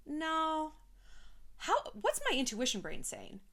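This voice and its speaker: A woman in her thirties gives a motivational self-help talk straight to her viewers, blunt and peppered with swearing. Her voice sits a little high and swings widely from line to line, with quick bursts of playful put-on voices. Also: sing-song, a bit bright. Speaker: vlogger.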